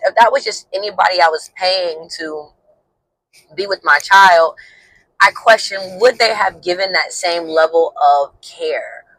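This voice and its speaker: Woman in her thirties, bright forceful voice, dry close sound, emotional casual storytelling. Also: low-pitched, no room sound, low-quality recording. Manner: heartfelt, emotional, many "like" fillers. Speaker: counselor and vlogger.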